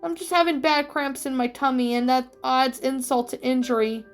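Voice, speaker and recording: A woman voicing a grieving young woman who survived a zombie outbreak, speaking softly and tearfully in a read-aloud story. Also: high-pitched, fairly even intonation, normal speed, clean tone, soft background music. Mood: sad. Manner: tearful, soft-spoken.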